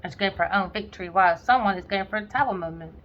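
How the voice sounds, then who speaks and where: A woman's voice: mid-range voice, racing, a bit bright. Blunt, swearing woman reading tarot. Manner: blunt, swearing, sarcastic, acts out dialogue. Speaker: tarot reader. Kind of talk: casual tarot reading monologue. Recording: slightly dull lo-fi audio with faint background noise.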